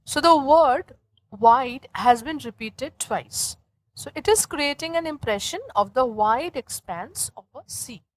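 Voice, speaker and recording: A woman with a fairly high voice teaches grammar in a lecture, walking through each point step by step. She often stops to check in with her students. The recording is dry and close, with no room sound. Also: expressive, unhurried, dry recording, low-quality recording. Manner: explains step by step, often checks in with "okay?" and "right?". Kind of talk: classroom lecture.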